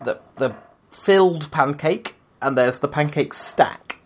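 A man's voice: on the high side, slow pace, a little hiss or hum. Wry man telling a story. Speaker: podcast co-host. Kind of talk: casual chat.

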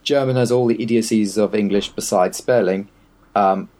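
A man with a fairly low voice talks casually and at length. He is opinionated and wry, and he wanders through his points. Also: steady tone, moderate pace, a little mellow. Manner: opinionated, wry, meandering explanations. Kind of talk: casual chat.

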